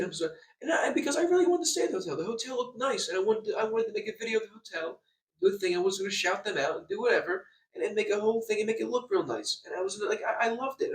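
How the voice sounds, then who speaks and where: A man's voice: sits high, a bit bright. A young man ranting in a vlog, heated and profane, often stumbling and restarting his sentences. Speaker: vlogger. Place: hotel room. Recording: echoey room, far from the mic.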